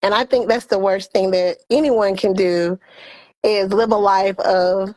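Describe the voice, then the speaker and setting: A woman co-hosting a casual talk show, telling stories and giving heartfelt advice in an expressive, animated way. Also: medium pitch, a little slow. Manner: expressive, animated storytelling with quoted dialogue. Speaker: co-host.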